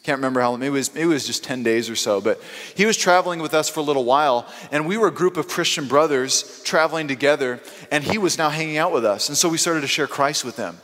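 A male pastor preaching a sermon, telling stories with lively swings between loud bursts and quiet asides. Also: a little high. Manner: animated storytelling with quick swings in loudness. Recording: long hall reverb.

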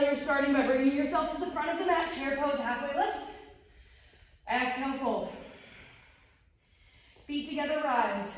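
Breathless yoga teacher in echoey room. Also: female voice, high voice, recorded from a distance. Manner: brief breath-timed cues while doing the moves herself. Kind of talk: live yoga class cueing. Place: home room, livestreamed class.

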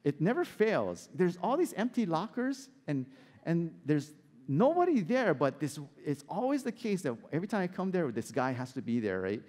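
A male pastor preaching with animated, swinging pitch and slightly high voice. He keeps asking the congregation questions. The sound carries a long hall reverb. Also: moderate pace. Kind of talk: sermon.

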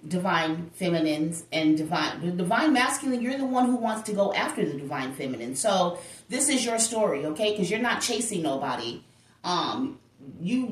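Chatty woman reading tarot, distant and echoey. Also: medium pitch. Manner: chatty, emphatic, talks straight to viewers. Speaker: tarot reader. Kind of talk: casual tarot reading to camera. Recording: roomy echo, distant from the mic.

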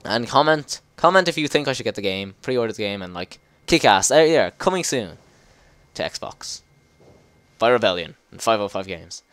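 A man giving an excitable, cursing commentary while playing a video game, breaking into loud yells. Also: on the low side, normal speed, no echo. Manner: excitable, swears, bursts into yells. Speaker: gameplay video host. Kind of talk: let's play commentary. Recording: game music clearly behind the voice. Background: game music and sound effects.

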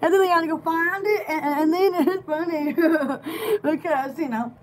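A woman's voice: very high-pitched, moderate pace, slight background noise. A woman, hosting a rambling, casual live video from home. She giggles a lot and jumps from one goofy topic to the next. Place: home at night.

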